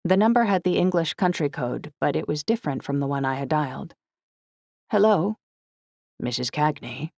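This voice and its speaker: An audiobook narrator reading a first-person novel in a reflective, even storytelling manner. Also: mid-range voice, fast, gravelly, few pauses, no room sound, clean studio sound.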